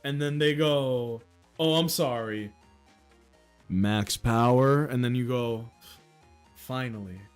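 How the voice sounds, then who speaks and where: A man's voice: mid-range voice, slow pace, clean tone, soft background music. A man in his thirties hosting a casual livestream, rambling and mocking himself with frequent laughs. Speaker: livestream host.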